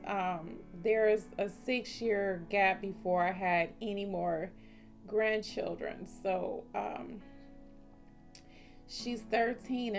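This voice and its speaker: A woman in her forties telling a heartfelt personal story in a slow, emotional vlog. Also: medium pitch. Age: 40s. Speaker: vlogger. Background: soft instrumental music.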